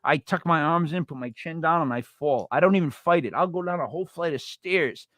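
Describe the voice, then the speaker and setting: A man in his forties with a bright, forceful voice, rambling and joking as he co-hosts a casual true-crime chat. He talks bluntly and drifts off topic, recorded close and dry with no room sound. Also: fairly high pitch, a little fast, no room sound. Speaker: podcast co-host.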